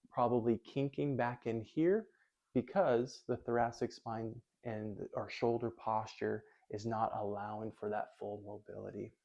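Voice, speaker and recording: A man explaining his work as a physical therapist in a calm, methodical lesson, thinking aloud as he goes. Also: medium pitch, muffled recording.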